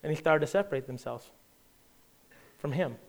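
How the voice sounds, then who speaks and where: A man's voice: on the high side, animated, moderate pace, creaky. A middle-aged man preaching a sermon, reading scripture aloud and building intensity as he speaks. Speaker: pastor.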